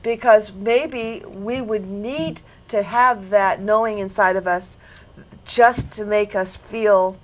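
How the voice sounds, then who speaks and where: A woman's voice: mid-range voice, steady tone, takes it slowly. A woman psychic on a studio panel, giving an earnest, reflective reading to an audience member and checking that it makes sense.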